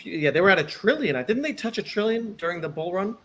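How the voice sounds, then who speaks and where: Chatty guy on the panel, high-ish voice, some noise in the background. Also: lively intonation, fast talker, fairly bright tone. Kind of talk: casual livestream chat.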